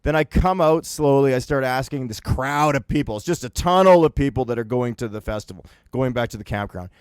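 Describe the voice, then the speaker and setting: A man from Winnipeg spins a rambling, animated story for his podcast co-hosts, often breaking into laughter. His voice sits at a middle pitch. The sound is dry and close to the mic. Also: fairly quick, clear, resonant tone, no echo. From Winnipeg, Canada. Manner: animated, laughing, acting out quoted friends. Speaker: podcast co-host telling a story.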